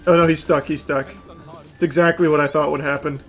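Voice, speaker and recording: A man doing let's play commentary, shouting and swearing at the game and then dropping to low, dry asides. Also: flat delivery, brisk, soft background music. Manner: drops to low, dry asides between outbursts. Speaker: gaming streamer.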